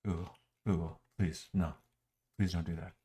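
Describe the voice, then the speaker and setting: With a deep, dark voice and a level tone, a software reviewer speaks unhurriedly. He clicks through an app on screen while muttering an exasperated, sarcastic critique.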